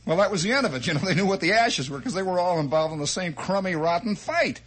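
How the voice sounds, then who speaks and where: A man telling a comic childhood story as a monologue, animated and chatty, with asides and mouth sound effects. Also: sits high, fast, slightly rough. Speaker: radio storyteller.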